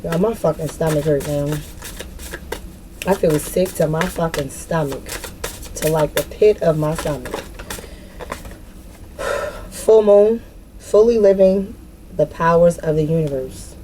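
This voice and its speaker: A woman's voice: deep voice, a little slow, noisy background. A woman giving a casual spiritual card reading, talking frankly and cursing freely.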